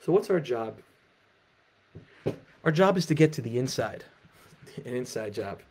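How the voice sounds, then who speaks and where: A man giving an animated Torah lecture and telling stories emphatically at an online festival. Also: mid-range voice, a little slow, a little hiss or hum. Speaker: Torah teacher.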